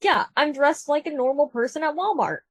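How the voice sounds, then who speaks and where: A higher-pitched woman spins a story in loose, casual chat. She jumps into the voices of the people she quotes. The sound is close and dry. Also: lively intonation, a little fast, no room sound.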